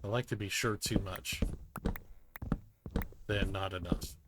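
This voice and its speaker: A man's voice: low-pitched, steady tone, slow, heavy background noise. A man giving rambling, jokey gameplay commentary, muttering self-deprecating asides to himself as he plays. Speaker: gaming YouTuber. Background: music.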